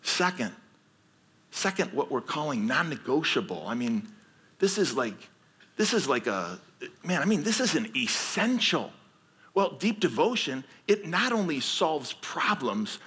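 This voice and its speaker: Husky, bright-voiced preaching man. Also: fairly high pitch, big pitch swings, unhurried. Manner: earnest storytelling, rising to emphatic exhortation. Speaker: pastor. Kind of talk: sermon.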